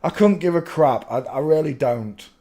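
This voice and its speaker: Rambling man, slightly high voice. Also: normal speed, mellow. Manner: rambling, swearing, prone to giggling fits. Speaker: channel host. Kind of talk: casual commentary.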